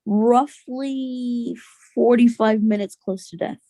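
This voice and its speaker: A young adult woman, a podcast guest, telling a personal story in an earnest, halting way with many restarts. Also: medium pitch, vocal fry, warm tone, dry recording.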